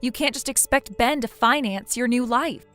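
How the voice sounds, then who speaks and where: A woman's voice: on the high side, normal speed, fairly bright tone, faint music behind, natural voice. A woman voicing a blunt young female friend in a text-message story, lecturing firmly. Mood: stern. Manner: firm, lecturing.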